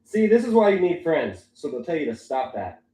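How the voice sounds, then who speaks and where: A carefree, teasing young man, played by a man in a comedy web series, cheeky and playful. His pitch sits a little high and swings about lively, and the room sounds echoey. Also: brisk.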